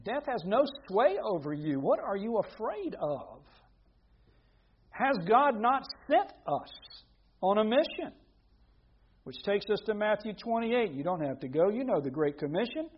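A man preaching a sermon in a conversational way, with rhetorical questions, dropping to a hush and then rising to emphatic points. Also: sits high, breathy edge, muffled recording.

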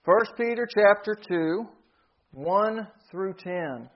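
Male pastor, emphatic teaching voice, slightly high, muffled lo-fi sound. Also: animated, slow pace. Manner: emphatic, repeats key phrases, questions the listeners. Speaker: pastor teaching a Bible class. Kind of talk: sermon-style Bible teaching. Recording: dull lo-fi recording.

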